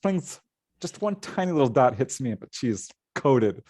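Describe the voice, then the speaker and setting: A man's voice: mid-range voice, normal speed, breathy edge, no echo. A middle-aged man with a mid-range voice tells a story with animation and breaks into laughter often. His voice is recorded dry and close. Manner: lively, laughs often while telling a tale. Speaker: guest, paranormal author.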